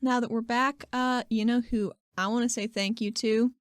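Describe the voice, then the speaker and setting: A woman playing a tabletop game, expressive and laughing, swearing freely. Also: fairly high pitch, normal speed, no echo, studio quality. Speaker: player. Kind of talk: tabletop game play, casual chat.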